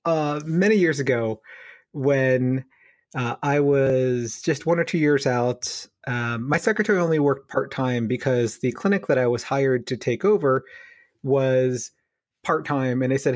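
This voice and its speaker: Animated man telling a funny story. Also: mid-range voice, unhurried, no room sound, clean studio sound. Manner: animated, laughing storyteller with many fillers. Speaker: physiotherapist, podcast co-host. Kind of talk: casual storytelling chat.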